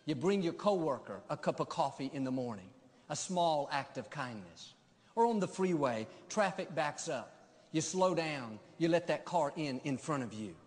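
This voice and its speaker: A pastor delivering a sermon to a congregation in an emphatic preaching cadence. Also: male voice, a little high, expressive, moderate pace, darkish tone, in a large hall.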